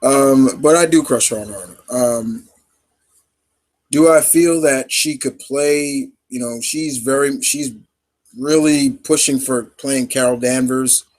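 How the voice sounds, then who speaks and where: A man's voice: medium pitch, slow pace, low-quality recording. A man hosting a live question-and-answer stream in casual chat, rambling and full of fillers. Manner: rambling, heavy with fillers and restarts.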